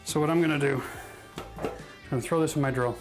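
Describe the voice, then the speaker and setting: DIY host, man, higher than average voice, chatty and self-deprecating, clear music bed underneath. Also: steady tone, fast talker. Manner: chatty, self-mocking, laughs at his own mistakes. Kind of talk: casual how-to narration. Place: bathroom under renovation.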